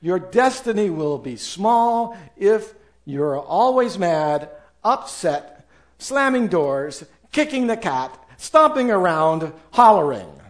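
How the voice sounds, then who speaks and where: A man's voice: sits high, sing-song, slow pace. A male pastor preaching a sermon with emphasis, acting out listeners' objections in raised voices.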